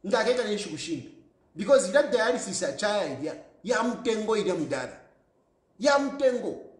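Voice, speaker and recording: A man's voice: high voice, very animated, moderate pace, roomy sound. A Zambian man giving emphatic, repetitive political commentary, switching often between English and a local language.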